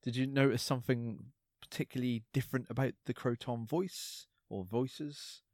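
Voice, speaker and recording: A man's voice: medium pitch, steady tone, normal speed, darkish tone, dry recording, studio quality. A man co-hosting a podcast, casually recapping an episode in a rambling, hesitant way with lots of fillers.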